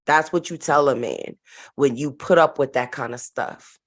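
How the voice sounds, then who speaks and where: A woman's voice: a bass voice, moderate pace. Chatty slang-heavy woman vlog host. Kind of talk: casual gossip commentary.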